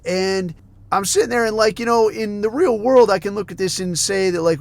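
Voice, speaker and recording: A man's voice: high-pitched, normal speed, gravelly, a little mellow. Profane middle-aged man ranting. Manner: profane, rambling storytelling. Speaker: podcast host. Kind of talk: casual rant.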